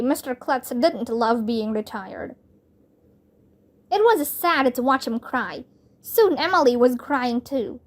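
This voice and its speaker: A woman with a high-pitched voice, whose first language is Vietnamese, reads a children's chapter book aloud. Her storytelling is clear and lively.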